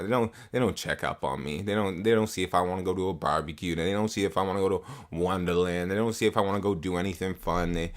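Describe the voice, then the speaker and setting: Speaking into a desktop USB mic at home, a young livestreamer chats casually, swearing often and repeating himself. His voice is low-pitched with a slightly bright quality.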